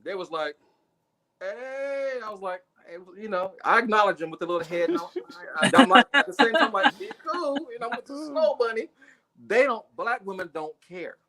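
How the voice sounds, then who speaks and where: A man's voice: sits high, lively intonation, normal speed, a crowd in the background. A man telling a funny personal story in a casual livestream chat, acting out the people he quotes with big jumps in his voice. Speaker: guest storyteller. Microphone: video call.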